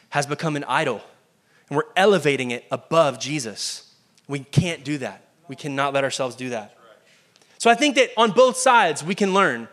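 A man preaching a sermon in a lively, conversational way, often asking the congregation questions. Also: high-pitched. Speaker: pastor.

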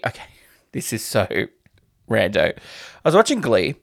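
A man's voice: lowish voice, huge pitch swings, measured pace, vocal fry. A man co-hosting a casual movie podcast, teasing his co-host and firing off movie titles. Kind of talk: casual film review chat.

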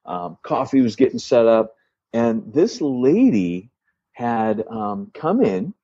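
A man's voice: mid-range voice, slow pace, husky, no room sound, highs cut off. A man co-hosting a podcast, telling a story in casual chat with lots of restarts and acted-out dialogue. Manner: animated storyteller, frequent restarts, acts out quoted dialogue. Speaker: church planter podcast co-host.

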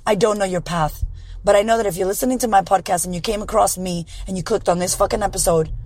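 A woman podcast host with a hoarse, raspy voice, delivering a blunt, profane motivational monologue. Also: mid-range voice, fast talker, darkish tone, poor audio.

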